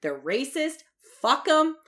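A woman's voice: high voice, big pitch swings, takes it slowly, bright, forceful tone. A woman co-hosting a casual chat, heated and swearing freely as she recaps and acts out what others said. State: worked up from iced coffee. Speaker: podcast co-host.

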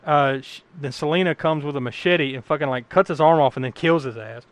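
A man's voice: on the high side, brisk, no echo. A man from the United States hosting a podcast, recapping a film in rambling casual chat, laughing often and swearing freely. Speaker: podcast host.

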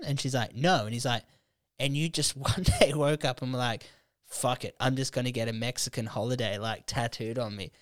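A man's voice: mid-range voice, no room sound, clean studio sound. A young man hosting a podcast, telling stories animatedly with lots of swearing and laughter. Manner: animated storyteller, swears freely, quick laughs. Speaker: podcast host. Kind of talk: casual chat.

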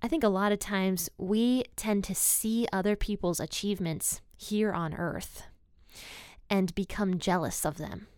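Woman doing a chill bible talk, smooth clear voice, dry close sound, super conversational and personal. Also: mid-range voice, a little slow, a little mellow, dry recording. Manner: conversational, retells scripture in her own words; candid and personal. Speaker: Bible teacher. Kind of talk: casual devotional Bible talk.

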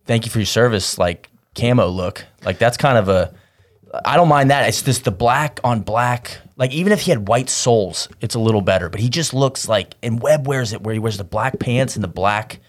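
A man's voice: mid-range voice, normal speed. A man co-hosting a golf podcast, chatting casually and telling rambling stories with lots of restarts. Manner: rambling, animated storytelling with frequent restarts. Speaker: podcast co-host. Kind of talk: casual chat.

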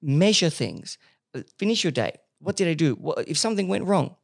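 A man's voice: fairly high pitch, very animated, normal speed, gravelly. A man hosting a podcast, telling stories animatedly, swearing freely and restarting sentences. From Australia. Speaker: podcast host. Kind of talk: casual podcast chat.

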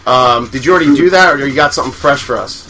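Bright-voiced joking man hosting. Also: medium pitch, fast talker, soft background music. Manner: joking, laughs often. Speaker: host. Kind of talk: casual chat.

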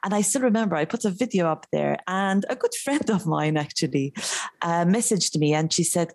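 A middle-aged woman with a Maltese accent, a guest on a podcast, telling her stories in an animated way and laughing often. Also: on the low side, normal speed, no room sound, studio quality. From Malta. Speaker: guest, on-camera confidence coach. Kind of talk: casual interview chat.

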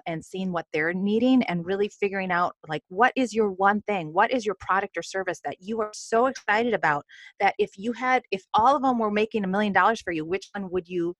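A woman's voice: medium pitch, no room sound. A woman business coach as an interview guest, talking in an earnest, upbeat way with many fillers. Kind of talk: casual interview chat.

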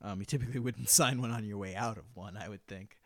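A man co-hosting a podcast in casual chat, often trailing off quietly and hedging his points. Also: fairly low pitch, quick pace, no room sound, studio quality. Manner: trails off softly, hedging with "I think". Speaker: podcast co-host.

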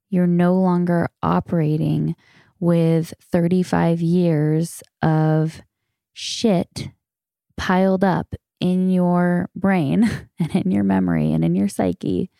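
A woman's voice: fairly low pitch, gravelly, dark tone, no room sound, clean studio sound. A woman in her thirties hosting a solo podcast, answering listener questions in a frank, candid way, swearing casually. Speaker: podcast host.

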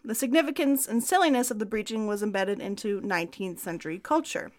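A woman's voice: medium pitch, a little fast. A woman co-hosting a podcast, narrating history from a script in a conversational way with casual asides. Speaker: podcast co-host.

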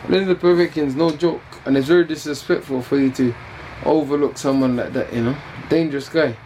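A man's voice: a little high, steady tone, a little fast, a little mellow, a little hiss or hum, poor audio. A man being interviewed during fight week, talking in a laid-back, teasing and rambling way.

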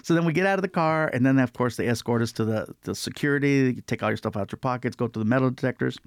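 A man telling a story as a guest comedian in an interview, animated and acting out other people's voices. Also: medium pitch, quick pace, clean tone, no echo, studio quality. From California.

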